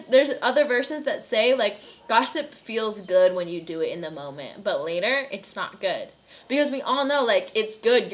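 A young woman giving an earnest, encouraging devotional talk, casual and warm in manner with frequent fillers like "like". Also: a little high. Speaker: youth devotional speaker.

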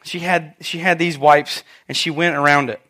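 A man preaching a sermon, telling a story with lively asides and questions to the congregation. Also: on the high side, moderate pace.

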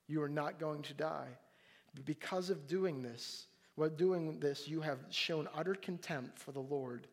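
Middle-aged man, pastor, higher register, lively sermon delivery that acts out voices, church hall reverb. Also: measured pace. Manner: animated, acts out voices of people in the story.

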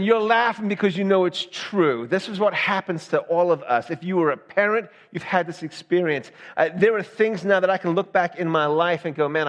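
A pastor from the Southern United States preaching a sermon, talking conversationally and often checking with the congregation with "right?". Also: male voice, on the high side, big-room sound.

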